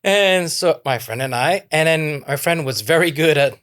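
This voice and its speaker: A man's voice: fairly high pitch, expressive, moderate pace, a bit bright. A man co-hosting a casual podcast, telling a rambling story with fillers and giggles. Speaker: podcast co-host.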